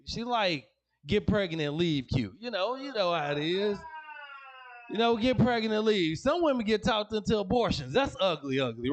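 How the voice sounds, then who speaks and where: A man performing a slangy stand-up set in a comedy club, telling family stories and acting out relatives. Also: high voice. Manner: storytelling, slangy, acts out family members.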